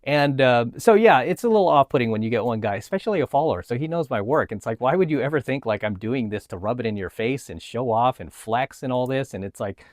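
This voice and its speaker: A man's voice: medium pitch, lively intonation, fast, hardly any pauses, no echo, clean studio sound. A man, a coach and vlogger, telling a personal story in a casual monologue, emphatic and repeating himself. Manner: emphatic, repeats himself, asks "right?" often.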